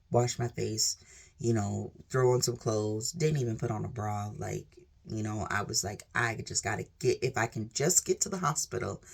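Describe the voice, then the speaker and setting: A woman's voice: rumbling low, vocal fry, darkish tone, husky. A woman vlogger sharing a personal testimony in an earnest, rambling way, leaning on "like" and "literally". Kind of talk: emotional personal storytelling.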